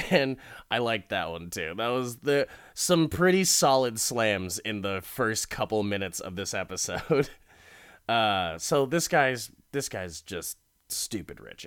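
Podcast host, male, low smooth voice, profane, chatty storyteller who acts out quotes. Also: measured pace, a bit bright, dry recording, clean studio sound. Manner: profane, laughing, acts out characters' lines. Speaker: podcast host recapping a TV episode. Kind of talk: casual storytelling recap.

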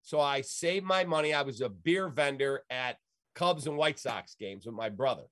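A man's voice: mid-range voice, normal speed, no room sound. A middle-aged man from the Chicago area, telling a story in casual talk and acting out the voices of the people in it. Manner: lively, acts out quoted voices.

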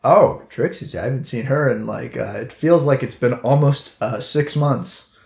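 A man's voice: mid-range voice, normal speed, gravelly, darkish tone, echoey room. A man playing a tabletop game, goofy and often laughing. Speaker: player.

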